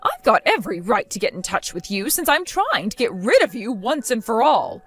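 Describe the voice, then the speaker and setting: A woman voicing a spiteful older mother-in-law who insults and orders her daughter-in-law around, in an animated story drama. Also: a little high, normal speed, breathy edge, soft background music, exaggerated voice. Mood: demanding. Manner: insulting, accusing, domineering.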